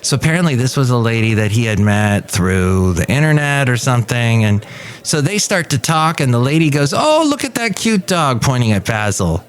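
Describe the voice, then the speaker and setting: A middle-aged American podcast host tells a personal story in a mid-range, lively voice at normal speed. His delivery is rambling, casual and anecdotal, with restarts and acted-out quotes.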